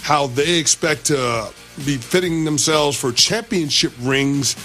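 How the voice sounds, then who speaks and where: A man speaks with a noticeably high pitch for a man on a sports talk show. He talks emphatically and conversationally, with light music underneath. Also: takes it slowly, sharp tone.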